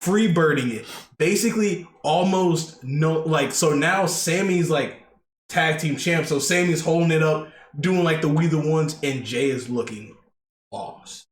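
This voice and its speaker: Here a man with a fairly high voice talks a little slowly, co-hosting a laid-back wrestling podcast. His speech wanders, packed with fillers and restarts, and the echoey room carries faint background noise.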